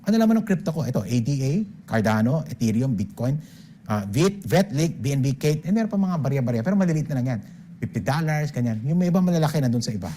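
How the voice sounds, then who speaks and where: Older Filipino-accented male speaker, brisk emphatic seminar delivery, mid-pitched. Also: lively intonation, dark tone, a little hiss or hum. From Philippines. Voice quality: emphatic, punctuates points with "okay?". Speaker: financial speaker. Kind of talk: seminar talk mixing English and Tagalog.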